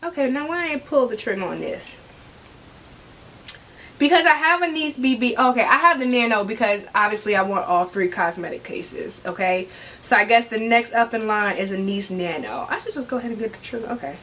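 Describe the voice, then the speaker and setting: A fashion vlogger talks casually to camera, sassy and animated, speaking straight to her viewers and often checking in with "okay?" Her voice is fairly high at normal speed, with slight background noise.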